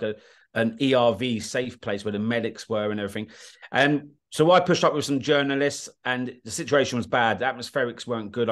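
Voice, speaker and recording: British man, podcast guest, blunt and animated storyteller with a mid-pitched voice. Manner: animated, blunt, swears, often asks "do you know what I mean". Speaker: guest, war documentary filmmaker. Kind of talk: casual interview storytelling.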